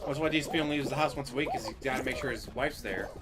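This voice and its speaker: A man's voice: medium pitch, rapid-fire, very noisy. Sarcastic male commentary host. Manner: mocking, deadpan sarcasm. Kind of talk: sarcastic commentary over a stream.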